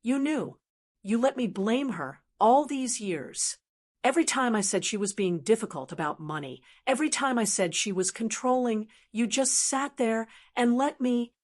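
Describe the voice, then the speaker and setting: A woman voicing an angry grown son who confronts his in-laws, speaking with quiet bitterness that turns into raised accusation. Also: extremely high pitch, animated, normal speed. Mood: bitter anger.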